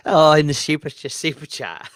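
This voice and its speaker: At midnight at home, a man with a fairly high, fairly bright voice runs a casual livestream, reading the chat and musing out loud. The sound is studio quality with no room sound, and his delivery is halting and meandering, peppered with ums.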